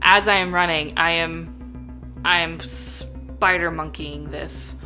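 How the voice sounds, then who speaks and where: A woman's voice: low-pitched, steady tone, slow pace, sharp tone, soft background music. A woman playing a tabletop role-playing game, chatting casually with the game master about her character's moves. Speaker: player.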